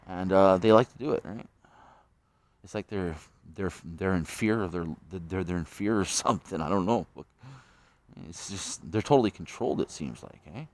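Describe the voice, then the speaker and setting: A man's voice: low-pitched, moderate pace, darkish tone. A man rambling to his camera outdoors at night, repeating himself, swearing and ending sentences with "eh?". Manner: repetitive, profane, tags sentences with "eh?". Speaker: vlogger.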